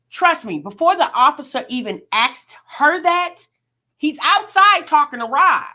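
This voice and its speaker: Talking to her audience directly in a chatty reaction vlog, this woman keeps throwing out rhetorical questions. Her high voice is animated, pushed, and bright, at a moderate pace.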